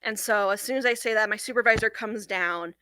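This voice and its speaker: A young woman who works on a hotline, earnestly recounting a difficult call in an interview, often pausing on "like.". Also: mid-range voice, bright, forceful tone, dry recording, low-quality recording. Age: young adult. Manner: earnest, halting, with frequent "like" fillers. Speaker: domestic violence hotline worker. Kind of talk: recounting a personal experience in an interview.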